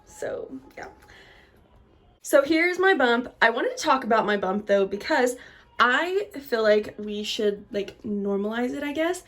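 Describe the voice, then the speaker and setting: Her voice is a little high and fairly bright, with lively intonation and a measured pace. The young woman, a vlogger, is at home giving a candid, chatty pregnancy update to a camera on a tripod, laughing through her complaints and slightly short of breath.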